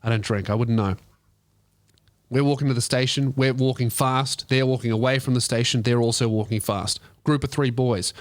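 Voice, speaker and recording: A man with an Australian accent, a comedian telling a rambling, profane story in casual, animated talk. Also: medium pitch, moderate pace, no room sound, clean studio sound. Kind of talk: comic storytelling.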